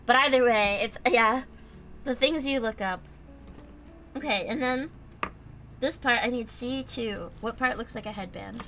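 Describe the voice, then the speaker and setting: Bright-voiced chatty young woman streamer. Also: fairly high pitch, unhurried, pauses often. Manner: chatty and rambling, reads chat aloud, many "like" fillers. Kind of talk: casual livestream chat while building a model kit. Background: faint background music.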